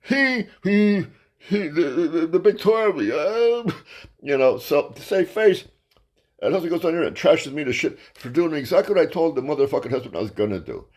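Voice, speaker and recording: A man's voice: a little high, very animated, moderate pace, a little mellow. A man, a stand-up comedian, telling a crude, rambling story in a ranting style and tripping over his words. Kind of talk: profane comic storytelling monologue.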